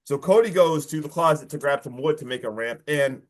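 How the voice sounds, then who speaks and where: A man on a horror movie podcast who talks a little high and keeps the energy up. He retells scenes in a casual way, swearing and acting out what the characters say. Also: a little fast. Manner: excited, swearing, acts out lines from the film. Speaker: podcast host.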